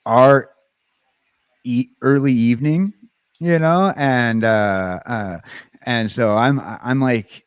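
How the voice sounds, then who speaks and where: An American man chats casually on a livestream, wandering through his thoughts with frequent "uh"s and restarts. His voice sits at an ordinary middle pitch. It sounds close and dry, with no room echo. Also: clear, resonant tone. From United States. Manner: rambling, halting, full of fillers and restarts. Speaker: livestream host. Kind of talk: casual stream chat.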